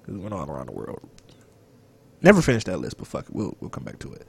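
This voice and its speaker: A man co-hosting a casual podcast chat, loud and animated, profane, sometimes dropping to a whisper. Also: low-pitched, fast talker, gravelly, slightly rough. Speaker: podcast co-host.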